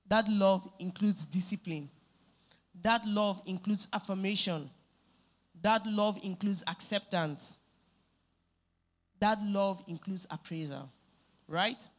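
Female preacher, emphatic sermon delivery with repeated phrases. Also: medium pitch.

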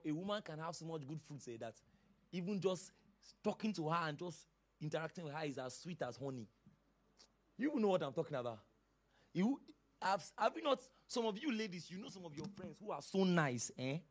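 A male pastor delivers a sermon with emphatic, dramatic force and sudden outbursts. His voice sits high and leaps around with lively swings of pitch. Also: a little fast.

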